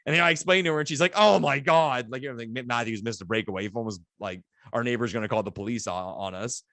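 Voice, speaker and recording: A man co-hosting a casual sports podcast, telling stories in an excitable, animated way. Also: medium pitch, racing, no room sound. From Canada. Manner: excitable, animated storytelling with laughs. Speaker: podcast co-host.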